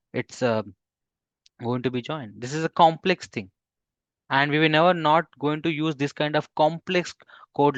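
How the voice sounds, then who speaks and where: Male instructor, mid-pitched, dry dull lo-fi sound, halting delivery with fillers, quizzes the class. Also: no echo. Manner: halting, with frequent fillers and restarts. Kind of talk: live coding class.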